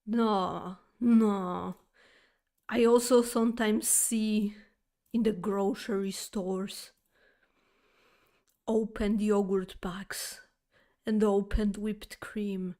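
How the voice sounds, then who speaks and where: A woman streamer telling a chatty, exaggerated story to her viewers, with halting phrasing full of fillers and restarts. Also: medium pitch, warm tone. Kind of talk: casual storytelling chat.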